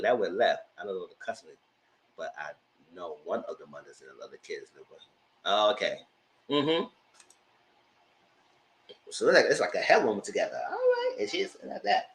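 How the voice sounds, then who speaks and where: A man casually recapping a reality TV show, retelling scenes with animated quoted voices. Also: poor audio. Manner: animated retelling, jumps into high squealing voices when quoting others. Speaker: commentator.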